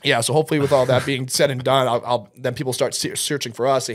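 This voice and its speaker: A young man, a band vocalist, chatting as a podcast guest, talking quickly and animatedly with lots of fillers. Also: mid-range voice, steady tone. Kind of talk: casual conversational interview.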